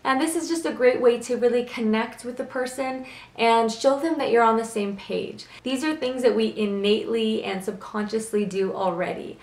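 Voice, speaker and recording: A woman hosting a self-improvement vlog, explaining tips in a calm, earnest, instructive way. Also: on the high side, moderate pace. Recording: echoey room.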